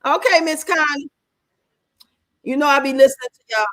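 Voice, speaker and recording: Woman, chicago accent, livestream host, outspoken, emphatic, bright voice. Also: sits high, unhurried, long pauses, no room sound, low-quality recording. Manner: animated, outspoken, emphatic, talks back to the chat. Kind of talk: livestream chat reacting to comments.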